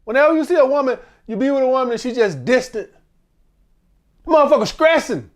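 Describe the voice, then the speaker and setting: A man's voice: very high voice, quick pace. A man hosting a dating advice channel, ranting bluntly and profanely in a casual monologue. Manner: blunt, profane, animated rant.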